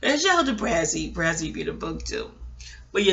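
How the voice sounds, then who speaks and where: A woman's voice: fairly low pitch, sing-song, moderate pace. A middle-aged woman, telling stories at home in a rambling, profane way and laughing often. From New York. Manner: profane, laughing, digressive storytelling. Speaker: vlogger. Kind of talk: casual rambling monologue.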